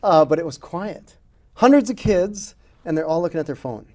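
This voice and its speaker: Guy telling stories on a podcast, laughs a lot, warm mellow sound, kinda high. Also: expressive, moderate pace. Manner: storytelling, laughs often. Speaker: podcast host. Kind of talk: casual chat.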